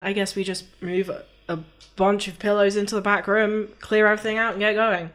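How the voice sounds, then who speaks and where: A woman's voice: medium pitch, flat delivery, fairly quick, fairly bright tone. Woman player calling her dice rolls. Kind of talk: casual tabletop game chat.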